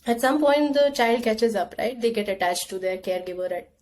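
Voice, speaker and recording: A woman's voice: fairly high pitch, fairly quick, a little mellow. A young woman guest on a podcast, talking things through in a casual, reflective way and acting out her own inner voice. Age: young adult. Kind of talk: casual conversation.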